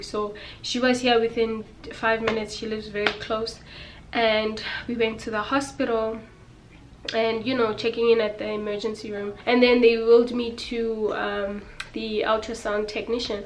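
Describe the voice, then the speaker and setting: A woman's voice: a little high, little pitch movement, moderate pace, a little hiss or hum. A young woman vlogger telling a personal story to her viewers in a candid, emotional, casual way.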